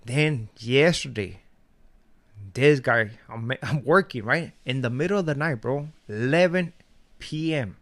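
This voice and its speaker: A man with a gravelly, fry-edged voice rants to his channel in a loose, profane way. He tells stories in street slang and laughs often. His pitch sits mid-range for a man. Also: a little slow. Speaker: vlogger. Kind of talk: casual rant to camera.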